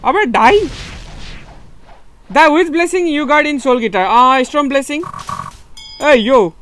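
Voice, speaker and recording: Young male streamer with a Nepali accent, excitable live commentary, laughs a lot, repeats himself. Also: extremely high pitch, measured pace, faint music behind. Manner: excitable, laughing, repeats words, switches between English and Nepali. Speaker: gaming streamer.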